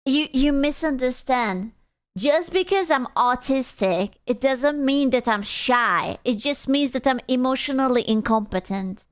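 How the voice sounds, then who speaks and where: Woman streamer, high and smooth voice, unhurried, blunt and teasing. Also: lively intonation. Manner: blunt, self-deprecating, teasing. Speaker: streamer reacting to clips. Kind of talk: casual chat.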